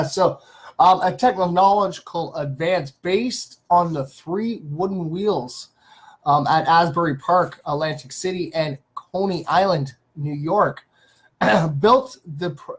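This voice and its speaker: A man's voice: on the high side, slightly rough, low-quality recording. A man hosting a casual live stream, greeting viewers by name and rambling through facts with many fillers. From Canada. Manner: reads viewer names and greets them. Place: small home studio.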